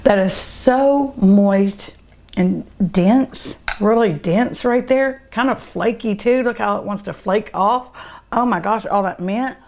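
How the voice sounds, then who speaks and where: A middle-aged woman hosts a cooking show, tasting dishes and gushing over each bite with drawn-out hums of delight. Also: mid-range voice, a little mellow, slight background noise.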